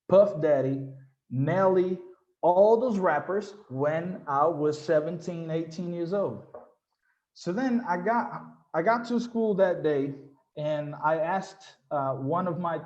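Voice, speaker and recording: A man, a panelist telling a story in a lively, slangy way and acting out the quotes. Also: fairly high pitch, lo-fi sound. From Brazil. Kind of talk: animated storytelling in a panel discussion.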